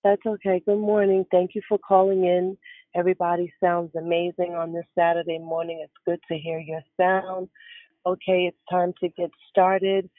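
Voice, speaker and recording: A woman in her fifties hosts a morning prayer call over the phone. She greets callers warmly in an even, level voice. The phone line is tinny and dry. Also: lowish voice, normal speed, no echo. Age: 50s. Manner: warm, greeting each caller.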